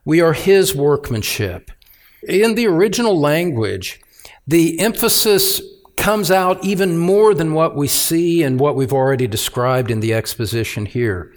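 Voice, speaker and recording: A male pastor delivering an expository sermon at an unhurried pace. His voice sits somewhat high, and he presses his points through emphatic repetition. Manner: deliberate, emphatic preaching.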